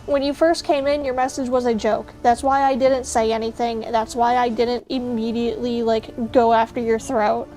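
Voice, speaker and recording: A woman's voice: on the high side, little pitch movement, normal speed, few pauses, warm tone, faint music behind. A young woman streaming, chatting casually and ranting bluntly with jokes to her chat. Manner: blunt, joking rants to chat.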